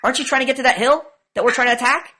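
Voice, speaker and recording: Woman instructor, bright and forceful, swears freely, pushes the class with rapid questions. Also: high-pitched. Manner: profane, emphatic, rapid rhetorical questioning. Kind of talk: classroom lecture.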